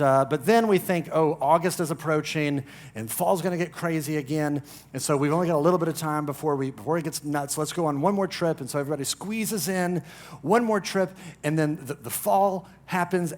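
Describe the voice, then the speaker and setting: Animated Southern pastor, slightly high voice. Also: male voice. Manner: animated storyteller, acts out quoted voices with rising emphasis. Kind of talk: conversational sermon.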